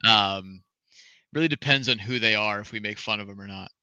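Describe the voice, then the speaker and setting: An American man chats as a podcast guest, easygoing and unhurried. His voice is very bright and sharp. The sound is dry and close. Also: lowish voice, clear, resonant tone, dry recording, lo-fi sound. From USA. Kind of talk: casual podcast chat.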